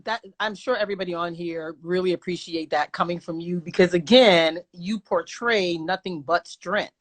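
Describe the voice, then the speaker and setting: A woman's voice: fairly low pitch, moderate pace. A woman hosts a casual interview. She asks her questions in long, meandering runs, restarting and rephrasing as she goes. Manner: rambling questions with many restarts. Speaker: host.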